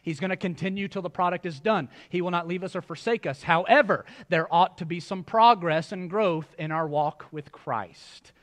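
A male pastor preaching a sermon in a church, in a conversational style with joking asides to the congregation. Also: sits high. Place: church sanctuary.

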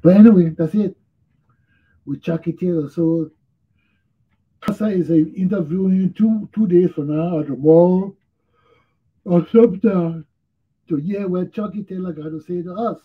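A man's voice: high voice, a little slow, long pauses, breathy edge, narrow, tinny audio. A male talk show host, tired and yawning, giving blunt, repetitive commentary on his own. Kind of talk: casual solo commentary.

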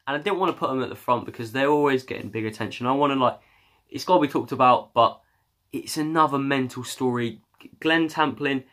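A man's voice: mid-range voice, fairly bright tone. A young man chatting casually about football news, rambling and hesitant with lots of ums and uhs. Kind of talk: casual chat.

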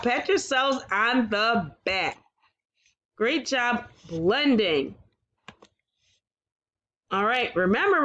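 A woman teaching a phonics lesson to young children, sounding out words slowly and praising often. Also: high voice, pushed and bright, highs cut off.

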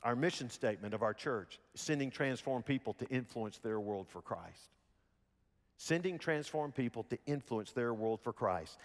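A man with a Southern American accent from Alabama, preaching a sermon in a folksy storytelling manner with lively voiced quotes. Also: on the low side, big-room sound. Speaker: pastor. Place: church sanctuary.

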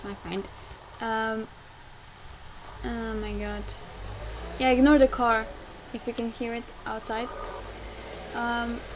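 A young woman rambling through casual gameplay commentary, full of fillers and quick to get frustrated, recorded at home on a desktop mic. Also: on the high side, a little hiss or hum, rough recording. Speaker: game let's player. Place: home room, car audible outside.

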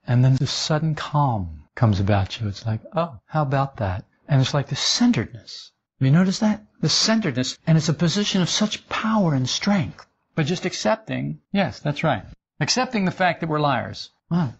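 A man teaches a spiritual talk to his group, his voice sitting a touch high and swinging widely as he acts out imagined conversations and chuckles at himself. The recording sounds muffled and lo-fi. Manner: lively, acts out imagined dialogues, laughs at himself. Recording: dull lo-fi sound.

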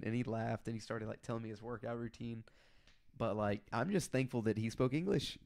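A podcast co-host with a medium-pitched, creaky, slightly mellow voice talks a little fast as he rambles through stories about working as a detention officer. He acts out the people he quotes.

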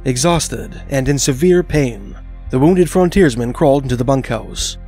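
A man reading a scripted documentary narration in a measured, even storytelling manner. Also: mid-range voice, faint music behind.

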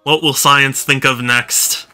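A man's voice: mid-range voice, fairly even intonation, slow, bright, forceful tone, faint music behind. Tired, rambling man streaming a game. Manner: rambling, many fillers and restarts. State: tired, yawning. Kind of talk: casual live-stream commentary.

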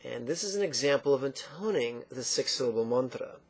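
A man teaching a guided meditation lesson, speaking slowly and calmly with playful asides and long intoned chants. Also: medium pitch, breathy edge.

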